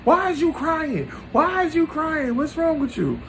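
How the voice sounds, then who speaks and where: A man voicing his exasperated, scolding mother, who nags loudly and in disbelief. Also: very high-pitched, very animated, measured pace, a little hiss or hum, voice pushed up, exaggerated voice. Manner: loud, incredulous nagging. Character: exasperated scolding mother, middle-aged woman.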